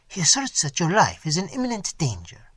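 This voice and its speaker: Man reading an anxious storybook servant, hushed and deferential, dry close recording. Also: a little high, wildly swooping pitch, fairly quick, breathy edge, no room sound, voice pushed up, heavily acted. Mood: urgent.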